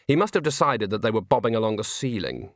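Male narrator, lively pitch, wry expressive reading, dry close studio sound. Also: fast talker, no echo. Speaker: audiobook narrator. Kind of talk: storybook narration.

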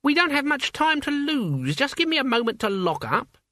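A male audiobook reader voicing a frail, elderly witch woman who is brisk, fussy and matter-of-fact. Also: very high voice, big pitch swings, pushed and bright, dry recording, studio quality, voice pushed up, heavily acted. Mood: calm. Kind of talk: audiobook character voice.

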